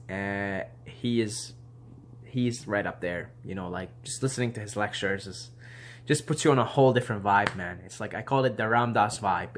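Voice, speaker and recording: A man's voice: lowish voice, a bit bright. A man talking casually to the camera, laid-back and rambling with slangy asides and frequent laughter. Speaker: video host.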